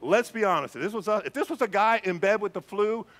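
A male pastor preaching a sermon in an animated, emphatic way, speaking straight to his congregation. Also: sits high, quick pace.

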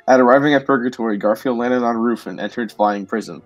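Deadpan man reading a silly story. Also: medium pitch, fast, no echo, faint music behind, low-quality recording. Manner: flat, mock-serious delivery. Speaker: podcast host.

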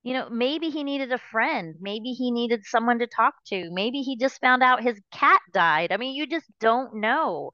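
A woman's voice: a little high, lively intonation, unhurried, few pauses, pushed and bright, no echo, dull audio. A woman hosting a podcast, talking in a chatty, rambling way with many restarts. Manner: chatty, rambling, frequent restarts and "you know". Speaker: podcast host. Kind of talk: casual interview chat.

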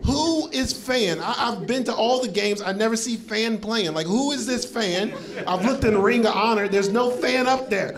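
A man's voice: sits high, moderate pace. A male stand-up comedian from Florida telling a story on stage, acting out what people said, with laughing asides. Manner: animated storytelling with acted-out quotes and laughing asides. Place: comedy club stage before a live audience. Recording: live club recording with crowd laughter. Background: audience laughter.

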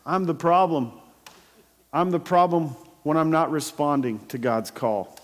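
Preaching at a relaxed pace, this high-voiced man tells stories in his sermon, his pitch swinging widely and occasionally jumping into abrupt loud outbursts. The church hall gives his voice a long, ringing reverb.

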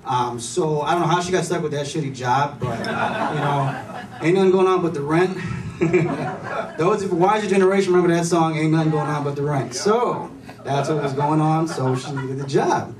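A man's voice: fairly high pitch, moderate pace, roomy sound, recorded from a distance, crowd noise. A man performing a stand-up comedy set, telling loose, chatty stories with lots of fillers. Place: comedy club stage. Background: room ambience and audience laughter.

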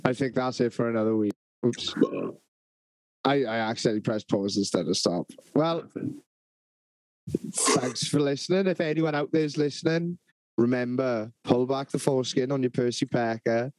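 A man's voice: mid-range voice, steady tone, a little mellow, no echo. Jokey man with a dry sound. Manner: jokey, quick interjections and laughter. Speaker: podcast co-host. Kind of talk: casual chat.

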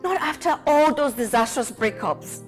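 A guarded young Nigerian woman, speaks anxiously and defensively. Her voice sits a little high and moves a lot, with music clearly playing underneath. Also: animated, normal speed.

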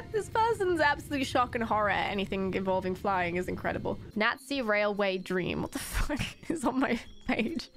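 A young woman streamer doing casual reaction commentary, excitable, laughing often and swearing freely. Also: medium pitch, normal speed, vocal fry, soft background music.

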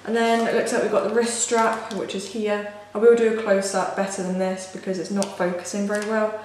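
A young woman vlogging casually as she unboxes something, excitable and gushing, with lots of "like" fillers. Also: mid-range voice, fairly quick. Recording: very echoey room, faint hiss.

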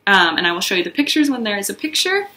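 A young woman teacher reading a children's book aloud to her first graders with expressive storytelling. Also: mid-range voice, fast.

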